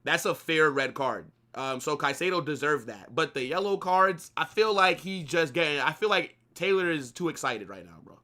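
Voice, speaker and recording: A young man talks football on a live watch-along stream. His voice sits a little high and rings bright. He is animated and opinionated, peppers his talk with slang and casual swearing, and argues his points in a loose, conversational way. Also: normal speed, few pauses.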